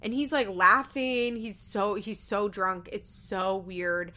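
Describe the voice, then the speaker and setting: A woman talks through a reality show episode in a loose, chatty recap, laughing often as she goes. Her voice sits at an ordinary middle pitch. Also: fairly even intonation, slow, pushed and bright. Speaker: podcast host.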